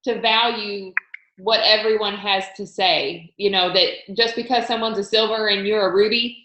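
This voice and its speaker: A woman's voice: mid-range voice, steady tone, bright, forceful tone. A woman host chatting casually, agreeing readily and adding her own points. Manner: agreeable, quick affirmations. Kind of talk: casual chat. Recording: echoey room with clear noise.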